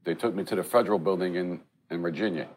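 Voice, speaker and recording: A middle-aged man talks quickly in a low voice. He is blunt and profane, telling stories across a restaurant table in a casual chat. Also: darkish tone. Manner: profane, blunt, street-talking. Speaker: podcast co-host.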